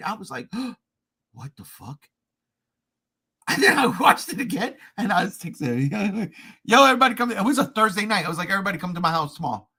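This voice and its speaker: A man hosting a casual podcast chat, excitable and profane, often laughing and shouting. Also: high-pitched. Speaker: podcast host.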